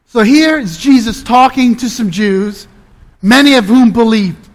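A man preaching a sermon, deliberate and emphatic, dropping to a low, intense hush at times.

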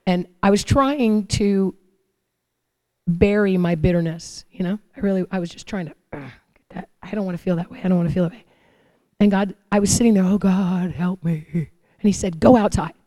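Mellow-voiced woman preaching with animated stories. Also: medium pitch, no room sound. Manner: animated storytelling, acts out her own prayers and God's replies. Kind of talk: sermon.

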